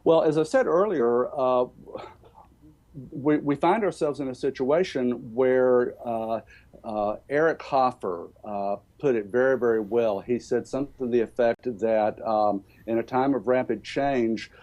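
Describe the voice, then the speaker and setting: Older Southern man with a mellow voice. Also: medium pitch. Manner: halting, many fillers and restarts. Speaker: education speaker. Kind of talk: interview answers.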